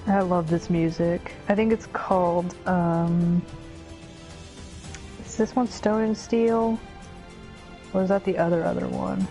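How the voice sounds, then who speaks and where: A woman's voice: fairly low pitch, fairly even intonation, takes it slowly, pauses often, dark tone, faint music behind. A woman co-hosting a let's play, chatting casually and jokingly while gaming, often giggling. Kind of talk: casual gameplay chat.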